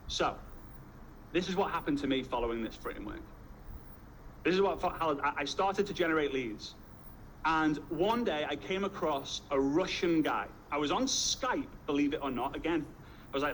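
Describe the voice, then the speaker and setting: A network marketing trainer from Liverpool, England, gives a motivational talk in a fairly high voice at normal speed, telling energetic stories and hammering points home with punchy repetition. The recording is low quality, with faint noise running behind him.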